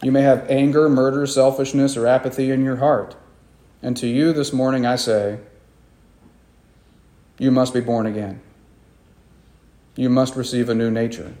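A man's voice: mid-range voice, level tone, normal speed, pauses often, warm tone, reverberant. A man preaching a sermon as pastor, earnest and emphatic, driving points home by repeating them.

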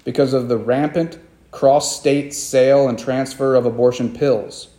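Man, pastor, sermon, earnest, emphatic, repeats lines, dark mellow voice, roomy echo. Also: mid-range voice, fairly even intonation, measured pace.

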